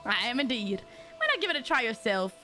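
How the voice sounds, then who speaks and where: A woman's voice: a little high, sing-song, brisk, pushed and bright, soft background music. A woman voicing a flamboyant, pompous male fantasy writer in a fake Southern drawl, reading game dialogue aloud. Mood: theatrical. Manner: theatrical, grandiose.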